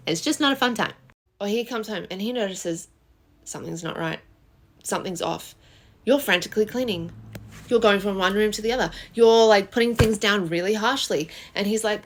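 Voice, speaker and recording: A woman telling relationship scenarios in a casual vlog, expressive and animated. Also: fairly high pitch, normal speed. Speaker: relationship vlogger.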